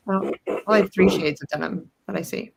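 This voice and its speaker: A woman chatting casually on a sewing livestream, relaxed and encouraging. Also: mid-range voice, normal speed, vocal fry, slightly rough.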